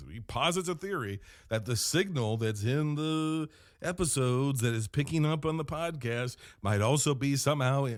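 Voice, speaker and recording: A man hosting a podcast, rambling through a comedic in-character monologue with deadpan storytelling and self-corrections. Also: mid-range voice, dry recording, clean studio sound. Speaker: podcast host.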